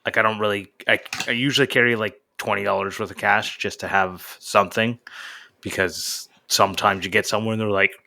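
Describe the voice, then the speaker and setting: A man's voice: lowish voice, fairly even intonation, fairly quick, vocal fry, sharp tone. A man co-hosting a podcast, chatting casually and joking around. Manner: jokey, puts on a movie trailer voice. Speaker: podcast co-host. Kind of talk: casual chat.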